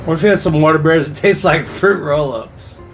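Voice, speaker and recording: A man's voice: fairly high pitch, moderate pace, a bit bright, faint music behind. A man co-hosting a comedy podcast, rambling and profane, laughing as he talks. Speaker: podcast co-host. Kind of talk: stoned comedy banter.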